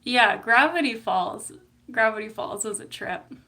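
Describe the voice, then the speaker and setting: A woman's voice: a little high, lively intonation, unhurried, bright, forceful tone. A woman therapist chatting casually on a live stream, giggly and full of fillers. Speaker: psychotherapist.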